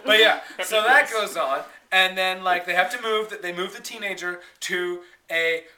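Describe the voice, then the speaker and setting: A man's voice: high voice, moderate pace, bright, forceful tone. A man retelling a movie plot in a casual, rambling way, full of fillers, bursting into laughs and acting out the characters' lines. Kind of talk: casual dramatic movie recap.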